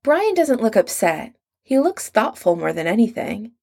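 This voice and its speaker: A woman narrating a story in a measured storytelling manner. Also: medium pitch, sing-song, vocal fry, darkish tone. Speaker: audiobook narrator. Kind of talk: scripted narration.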